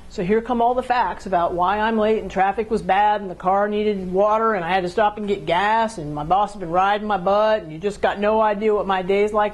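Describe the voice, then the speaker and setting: A woman's voice: mid-range voice, low-quality recording. Woman speaking on couples communication. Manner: conversational, acts out quick role-play exchanges. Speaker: relationship speaker.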